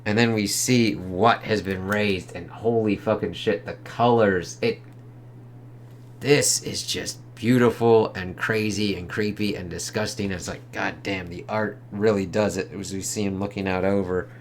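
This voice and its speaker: A man's voice: on the low side, steady tone, a little slow, a little hiss or hum. Profane rambling male comic reviewer. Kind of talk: casual review.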